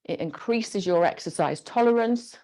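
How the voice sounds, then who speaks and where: A woman instructor leading a gentle guided exercise class, encouraging and giving step-by-step movement cues. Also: medium pitch, animated, normal speed.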